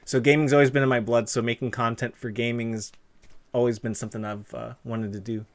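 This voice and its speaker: A man's voice: medium pitch, level tone, a little fast. A man hosting a casual livestream interview, chatting loosely, laughing easily and reading viewer messages aloud. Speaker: streamer and interviewer.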